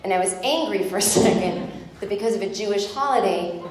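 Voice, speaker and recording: A woman's voice: medium pitch, a little fast, darkish tone, slight background noise. An American woman comedian telling a chatty, exasperated stand-up story on a club stage, with mocking asides. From United States. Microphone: stage microphone. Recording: echoey live club recording.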